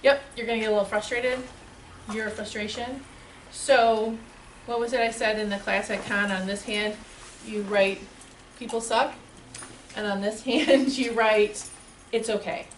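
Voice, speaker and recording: A woman speaks to a small audience with an animated, chatty delivery and frequent laughter. Her voice sits at a middle pitch. It is heard from some distance in an echoey room with a faint hiss behind it. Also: moderate pace. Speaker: spiritual teacher. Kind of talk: lively talk to a live audience.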